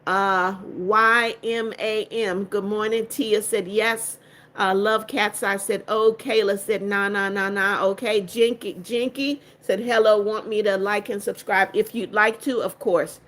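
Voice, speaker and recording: This older woman's livestream is casual: she reads comments aloud individually and replies with warm, motherly greetings and blessings, though she's firm with rude viewers. Her mid-range, fairly bright voice keeps a fairly even intonation and an unhurried pace.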